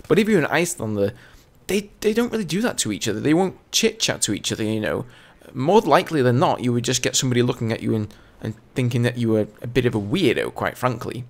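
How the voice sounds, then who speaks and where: A man's voice: mid-range voice, animated, quick pace, creaky. A young man from England with an English accent, a gaming channel host telling a casual story in a chatty, rambling way. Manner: chatty and rambling, full of "you know".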